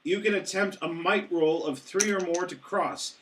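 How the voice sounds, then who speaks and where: A man playing a board game with friends, briskly reading out card text with some drama. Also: sits high. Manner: quick, reads flavor text dramatically. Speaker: player and rules reader. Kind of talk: casual board game play, reading cards aloud. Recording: distant mic, faint noise.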